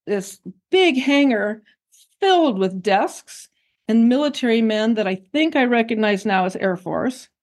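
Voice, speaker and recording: An older woman, a guest on an interview show, recounting her own memories in a reflective, unhurried way. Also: a little high, animated. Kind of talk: personal recollection in an interview.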